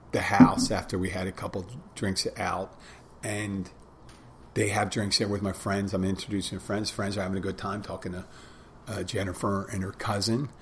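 A man in his twenties with a fairly low voice recounts a personal story in a loose, casual way. He stops and restarts often, slipping into quoted back-and-forth as he goes. A faint background noise sits under the recording. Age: 20s. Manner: rambling, self-interrupting storytelling with quoted dialogue.

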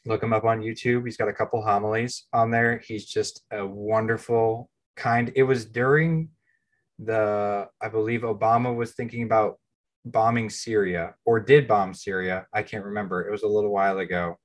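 Co-hosting a podcast, a thirty-something man from the United States tells a personal story in a somewhat low voice, steady in tone and at normal speed. His manner is casual, candid, and plain-spoken, with plenty of self-deprecation.

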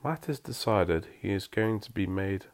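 A man's voice: low voice, animated, moderate pace. A man reading a story aloud, breaking off for wry, self-mocking asides.

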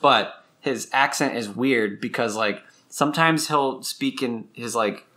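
Sex: man. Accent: slight Massachusetts. Role: podcast co-host. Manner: halting, playful. Tone: bright. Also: mid-range voice. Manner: halting, restarts and repeats words for laughs. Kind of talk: casual comedic chat. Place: living-room couch at home.

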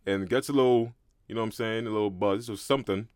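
A young man from Brooklyn, co-hosting a podcast in slangy, animated casual chat. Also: fairly low pitch, clean tone, no echo. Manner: fast, slangy, animated storytelling. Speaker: podcast co-host.

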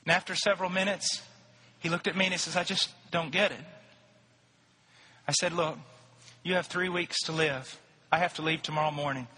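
A man preaching a sermon, telling a story with rising passion and shouting at its peaks. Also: a little high, steady tone, moderate pace, husky. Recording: hall reverb.

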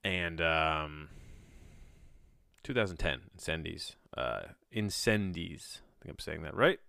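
Speaking slowly into a home mic, a man with a very deep, creaky voice delivers a casual solo podcast monologue in a bright, forceful tone. The sound is clean and studio-like with no echo. He's rambling and offhand, regularly interrupting himself partway through sentences.

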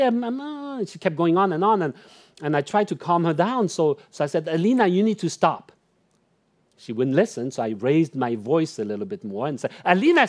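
A middle-aged man preaching a sermon in church, swinging between loud emphatic declarations and soft, near-whispered lines. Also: medium pitch. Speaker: pastor.

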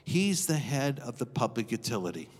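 A middle-aged man preaching live in a church, telling stories with animated, dramatic flair. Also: medium pitch, moderate pace. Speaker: guest preacher. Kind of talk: live sermon storytelling. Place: church auditorium. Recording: long reverb of a church hall.

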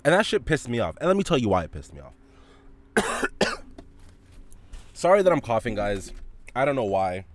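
A male podcast host telling a story as a profane, animated rant, coughing now and then from a dry throat. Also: mid-range voice, moderate pace, long pauses, slight background noise. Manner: profane, animated, frequent restarts.

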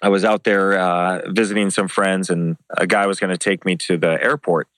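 A man's voice: moderate pace, a little hiss or hum. A man telling casual anecdotes as an interview guest, swearing freely and acting out other people's lines. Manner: animated, acts out quoted dialogue with pitch jumps. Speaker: interview guest, former MMA show host.

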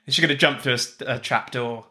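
Giggly playful podcast guy, bright voice. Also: mid-range voice, fairly even intonation, brisk, slightly rough. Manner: playful, giggly, sings bits. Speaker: podcast co-host. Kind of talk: casual book club chat.

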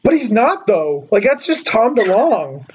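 A man from California hosts a casual podcast chat, his voice pitched high. He teases his guests, laughs often and trips over his own restarts. The recording sounds dull and lo-fi. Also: big pitch swings, a little slow, husky. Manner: chatty, teasing, laughs a lot, many restarts. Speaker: podcast host.

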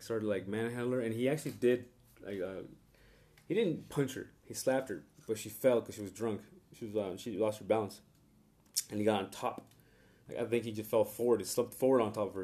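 A man's voice: fairly low pitch, brisk, dark tone. A man delivering a combative, profane, rambling rant to his audience. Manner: rambling with many restarts and fillers. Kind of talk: ranting monologue to camera.

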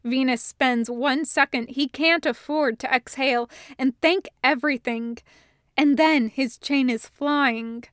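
A woman reading fan fiction aloud as a podfic, in an even, measured storytelling voice. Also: sits high, clean tone, no echo, clean studio sound. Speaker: podfic reader.

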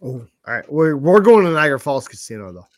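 Higher-voiced man, dry close sound. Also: fast talker, dry recording. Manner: animated, profane, acts out quoted voices. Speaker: podcast co-host. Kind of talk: casual chat.

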